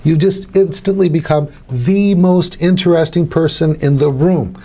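A man's voice: a little high, measured pace, dark tone. A middle-aged man who works as a hypnotist, teaching other hypnotists in a casual, conversational way. He repeats his key phrases and acts out little dialogues. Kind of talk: instructional talk to camera.

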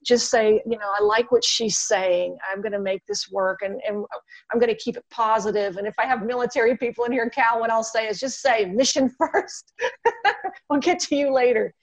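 A woman with a high voice talks shop as a hypnotist, animated as she acts out both sides of a client conversation. She sounds casual and chatty, as if speaking over a video call. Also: moderate pace, poor audio. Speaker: guest hypnotist. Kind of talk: casual teaching talk.

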